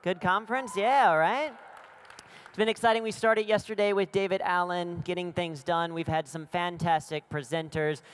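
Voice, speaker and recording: An American man in his thirties giving a comedic keynote talk on a conference stage, energetic and full of self-deprecating jokes. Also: high voice, brisk, hardly any pauses, slight background noise. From United States. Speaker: conference speaker.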